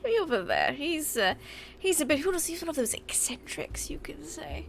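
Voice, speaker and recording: Bright, lively high-voiced woman player. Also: moderate pace, vocal fry. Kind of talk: playing a tabletop game in character.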